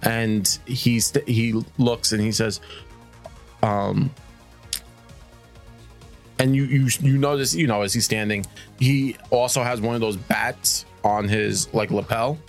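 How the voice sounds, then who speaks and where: A mid-pitched man narrates a tabletop game as game master. He talks in an easygoing way, filling pauses with ums. Soft music plays faintly under the table talk. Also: fairly even intonation. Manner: easygoing, voices characters in quotes with filler ums.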